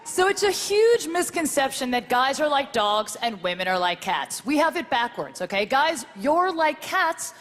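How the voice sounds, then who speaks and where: A woman performing a brash, rapid-fire stand-up routine, talking straight to the crowd on a theatre stage. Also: high-pitched, big pitch swings. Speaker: stand-up comedian. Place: theatre stage before a live audience. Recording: live show with loud crowd and noise.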